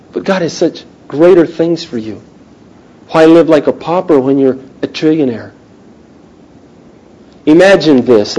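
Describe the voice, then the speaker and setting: A man in his thirties preaches with a high, bright-edged voice. He drives hard with urgent emphasis, then drops to a near hush before building again. The tone is earnest and evangelical, aimed straight at his listeners. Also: low-quality recording. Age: 30s. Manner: impassioned, swinging between loud urgency and hushed intensity. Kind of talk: sermon.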